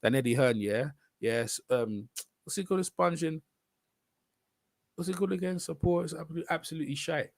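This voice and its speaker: A man's voice: fairly high pitch, no echo, clean studio sound. A man ranting in casual boxing commentary, mocking and repeating himself. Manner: animated, mocking, repeats himself, drifts into quick asides.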